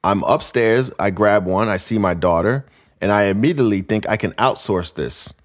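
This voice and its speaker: A male podcast host with a fairly low pitch and moderate pace reads listener letters on a casual comedy show. He jokes around, stays animated, and laughs frequently.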